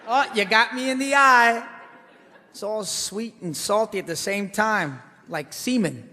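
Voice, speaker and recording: A man performing a brash, animated stand-up monologue, swinging between loud outbursts and hushed asides. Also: sits high, moderate pace, in a large hall, slight background noise. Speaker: comedian. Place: theater stage.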